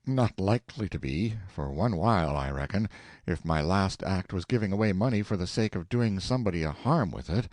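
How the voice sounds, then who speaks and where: A man's voice: deep voice, lively intonation, brisk, a little mellow, dry recording. A man voicing an eager, impatient middle-aged husband in an audiobook, full of folksy exclamations. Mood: grumbling. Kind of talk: audiobook character voice.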